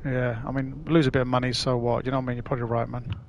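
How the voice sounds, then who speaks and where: A man's voice: medium pitch, little pitch movement, racing, muffled recording, slight background noise. A man chatting casually to his live-stream audience as he plays, rambling, swearing and using slang. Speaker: gaming streamer.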